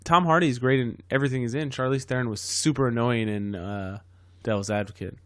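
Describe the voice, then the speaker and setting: A man's voice: medium pitch, brisk, a bit bright, no echo. Male podcast co-host, loose rambling delivery, casual swearing, dry booth sound. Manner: rambling, loses his train of thought, swears casually. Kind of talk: casual chat.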